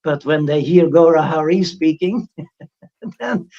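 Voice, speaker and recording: Man, loose spiritual talk, rambling restarts, slightly high voice, dull lo-fi sound. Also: fairly even intonation, takes it slowly. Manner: rambling, frequent restarts, mocking impressions of critics. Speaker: spiritual teacher. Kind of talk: informal spiritual talk on a livestream.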